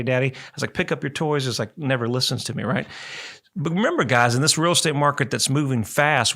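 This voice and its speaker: Male radio host, chatty and folksy, bright tone. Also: mid-range voice. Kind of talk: casual radio talk.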